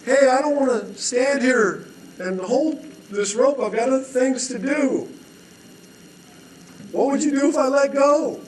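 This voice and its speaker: A man's voice: extremely high pitch, unhurried, slight background noise, voice pushed up. A man voicing a frustrated, impatient man stuck holding a rope on a bridge, pleading and then laying down an ultimatum. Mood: exasperated. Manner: exasperated, pleading, firm. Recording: echoey room.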